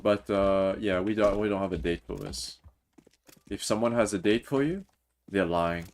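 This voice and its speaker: Speaking at a moderate pace in a low, darkish voice, a man in his twenties streams a game from a room in his Toronto home, using a desk mic. Originally from Mauritius with French as his native language, he reads chat aloud and responds casually.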